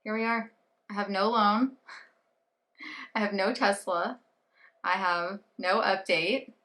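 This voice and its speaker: A young woman with a bright, clear voice tells a personal story straight to camera in a chatty vlog. She is animated, slipping into little quoted asides of her own thoughts and of the people she talked to. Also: mid-range voice, takes it slowly. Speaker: vlogger.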